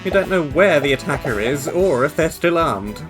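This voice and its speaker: A man's voice: fairly high pitch, animated, normal speed, music in the background, natural voice. A man voicing a stammering nervous young student. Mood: nervous pleading.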